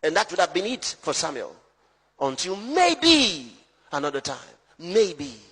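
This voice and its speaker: Husky, high-voiced preaching man. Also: sing-song, measured pace, long reverb tail. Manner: emphatic, swings between loud shouts and low hushed lines. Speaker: pastor. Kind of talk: preaching a sermon.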